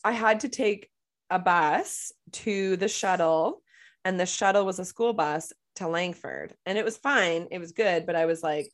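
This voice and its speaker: A woman, co-hosting a casual chat podcast, talkative and quick to laugh. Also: on the low side. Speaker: podcast co-host.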